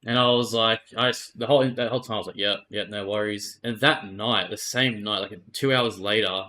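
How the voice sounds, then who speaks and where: Australian man, lowish pitch, bright tense voice, candid, swears, quotes chats. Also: fairly even intonation, brisk. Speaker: esports player guest. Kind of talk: casual storytelling interview.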